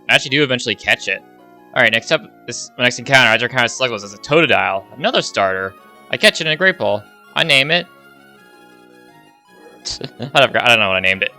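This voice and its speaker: Bright-voiced man narrating his game run. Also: medium pitch. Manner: rambling play-by-play, swears, sighs when frustrated. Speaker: gaming YouTuber. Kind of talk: casual game commentary.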